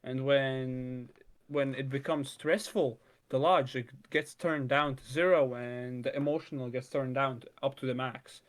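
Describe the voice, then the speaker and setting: A man in an easygoing chat, thinking out loud as he goes. He circles back on himself, stacking fillers and false starts, and drops the odd curse without a second thought. His pitch sits right in the middle of the usual male range. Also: fairly even intonation, unhurried. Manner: rambling, many restarts and "like" fillers, swears casually. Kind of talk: casual conversation.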